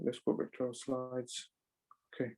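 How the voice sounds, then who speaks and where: A man teaching Quran recitation rules in a class, halting and full of restarts, driving each rule home by repeating it. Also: medium pitch, completely flat delivery, dark tone. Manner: drills rules through repetition. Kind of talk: online class lesson.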